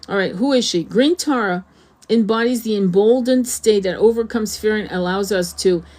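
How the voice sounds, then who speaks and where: A middle-aged woman coaching her viewers in a casual spiritual talk. She speaks bluntly, with a mid-pitched voice, drops the odd swear word and keeps asking "okay?" to make sure she is understood. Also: moderate pace, a little mellow. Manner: blunt, swears freely, repeats "okay?" to check in. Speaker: tarot reader and spiritual coach.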